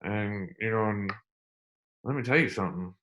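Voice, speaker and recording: Middle-aged man, low voice, earnest interview guest; repeats himself, slows for emphasis. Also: a bit bright. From United States. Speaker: interview guest, army veteran. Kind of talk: candid storytelling interview.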